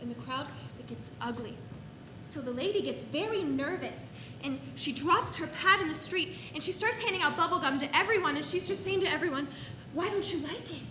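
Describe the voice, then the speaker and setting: An actress playing a frustrated little girl telling a story in a stage monologue, rising to shouting and crying. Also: sits high. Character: small girl, frustrated and put-upon. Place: echoey theater stage. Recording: echoey stage recording with background noise.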